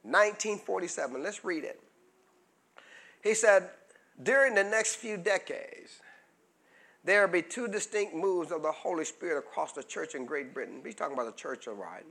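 A man preaching a sermon as pastor, drawing call-and-response answers from the congregation and building to fervent shouts. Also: sits high, expressive, normal speed, pauses often.

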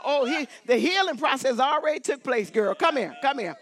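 A woman preaching a lively sermon in church, repeating emphatic exhortations to her congregation. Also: high-pitched, moderate pace, hardly any pauses. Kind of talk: lively sermon with holy laughter. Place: church sanctuary.

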